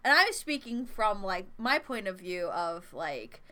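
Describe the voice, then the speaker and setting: A woman's voice: medium pitch, very animated, a little slow, pushed and bright. An American woman co-hosting a casual chat podcast, thoughtful and rambling with fillers, often giggling. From United States. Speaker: podcast co-host.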